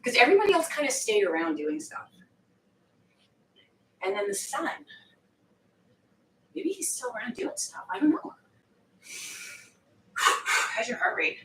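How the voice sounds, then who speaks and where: A woman's voice: high voice, huge pitch swings, unhurried, long pauses, fairly bright tone. A woman fitness coach joking and swearing while she works out, breathing hard. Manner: joking, profane banter while exercising. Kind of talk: live workout coaching. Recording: echoey room, distant mic, faint noise.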